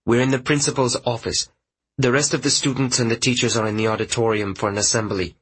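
A man voicing a calm teenage boy who speaks carefully and deliberately on an emergency call, in an audiobook. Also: mid-range voice, breathy edge, natural voice. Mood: tense but calm. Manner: measured, carefully articulated. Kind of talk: audiobook character voice.

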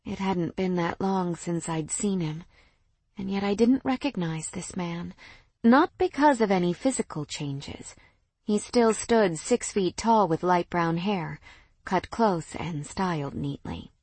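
A young adult woman narrating a first-person romance audiobook in an intimate, measured, expressive way. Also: fairly low pitch, no room sound.

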